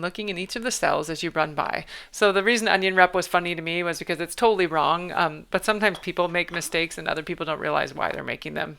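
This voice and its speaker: A woman author chats and thinks aloud on a livestream as she revises her story. Her voice is fairly low, smooth and crisp, and bright. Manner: chatty, thinks aloud, self-amused. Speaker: author and streamer. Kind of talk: livestream writing commentary.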